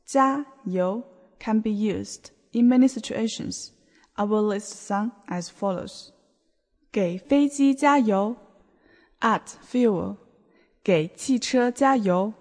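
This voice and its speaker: A woman teaching a beginner language lesson on a podcast, explaining words in a slow, clear way. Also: medium pitch, darkish tone. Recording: long hall reverb.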